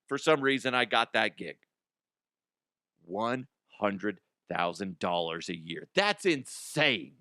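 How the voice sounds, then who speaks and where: A man's voice: mid-range voice, very animated, takes it slowly, pushed and bright, no echo, studio quality. A man hosting a comedy news show, rambling and profane, often dropping into silly put-on voices.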